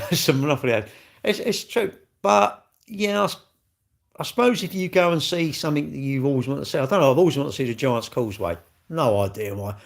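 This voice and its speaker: A blunt livestream host rambles while answering viewer comments in casual chat, frequently restarting and laughing. His voice is medium-pitched and gravelly.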